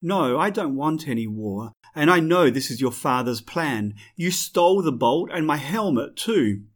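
A man's voice: a little high, animated, a little slow. A man voicing a towering, wrathful male god of the dead who speaks in an imperious, scornful way.

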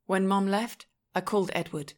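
Clear woman reading a story aloud. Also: mid-range voice, fairly even intonation, moderate pace. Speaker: audiobook reader. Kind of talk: scripted first-person narration.

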